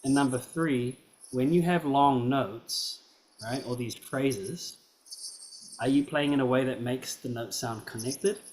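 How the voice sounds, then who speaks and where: A man's voice: medium pitch, a little slow, a little mellow. A man giving a student feedback in a recorded piano lesson, encouraging, often checking in with "right?" and "yeah?". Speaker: piano teacher.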